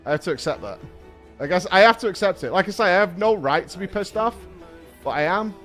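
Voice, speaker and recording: A man's voice: high-pitched, animated, a little fast, a bit bright, soft background music. A man streaming casually, ranting and swearing with sardonic humor and laughing at himself.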